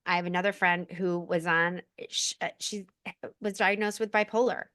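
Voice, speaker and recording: A woman speaking as a podcast guest in an expressive, candid, effusive way. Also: lowish voice, no echo, clean studio sound. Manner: expressive, effusive, quick asides. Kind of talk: candid conversational chat.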